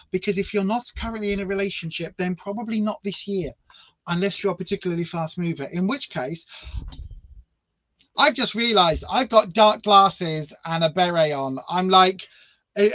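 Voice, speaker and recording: A man's voice: sits high, fairly bright tone, no room sound, low-quality recording. A man chatting playfully on a live stream while giving tarot readings, calling his viewers "my darling". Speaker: tarot reader.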